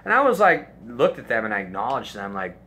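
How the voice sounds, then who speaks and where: A man's voice: medium pitch, big pitch swings, a little fast, sharp tone, husky. A young man telling a crude, profanity-heavy story in a casual storytime video. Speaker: storytime YouTuber.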